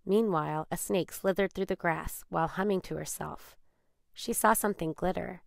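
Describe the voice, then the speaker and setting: Low gravelly lady reading a kids story, calm, dry sound. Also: dry recording. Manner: calm, measured. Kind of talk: children's read-aloud narration.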